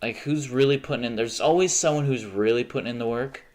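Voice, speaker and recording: A young man with a mid-range, darkish voice livestreams from home at a quick pace. His ranting is casual and full of swearing, with frequent restarts mid-sentence.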